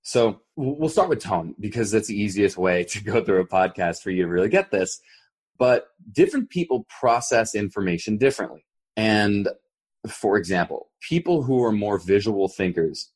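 Male podcast host, low and husky, swings his pitch a lot while explaining. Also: normal speed. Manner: animated, demonstrates voices while explaining.

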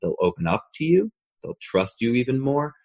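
A man's voice: medium pitch, moderate pace. A man co-hosting a podcast, explaining casually and acting out the voices he describes. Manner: animated, demonstrates voices while explaining. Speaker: podcast co-host.

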